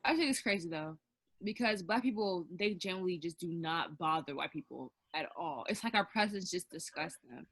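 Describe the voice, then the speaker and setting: A woman's voice: lowish voice, expressive, fairly quick, fairly bright tone, husky, no room sound, poor audio. A woman co-hosting a casual group chat, ranting emphatically and mocking others in quoted voices. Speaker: podcast co-host.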